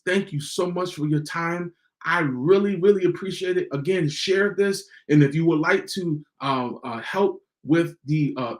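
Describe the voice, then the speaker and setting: A man's voice: a little high, a bit bright. A man hosting a podcast, giving a motivational talk in a preachy way and repeating lines for emphasis. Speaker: podcast host.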